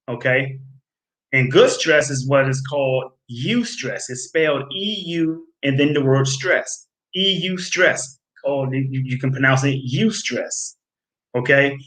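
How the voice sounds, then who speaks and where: A man with a fairly high, bright and forceful voice delivers a preachy talk straight to his viewers. He hammers home each point by repeating it and keeps calling his audience folks. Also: rough recording. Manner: emphatic, repeats phrases, addresses viewers as folks. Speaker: health video host. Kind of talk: preachy direct-to-camera talk.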